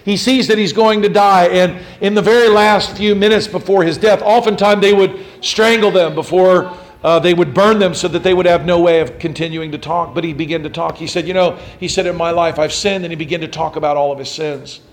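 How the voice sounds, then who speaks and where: Speaking quickly and with fairly even intonation, this high-voiced male pastor preaches a sermon. As the story unfolds, he performs each quote with mounting drama until his emphasis turns intense.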